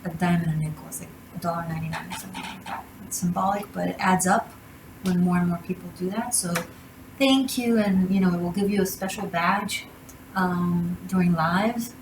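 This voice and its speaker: A woman's voice: lowish voice, background noise. Blunt tarot-reading woman, echoey room. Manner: blunt, emphatic advice-giving. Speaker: tarot reader.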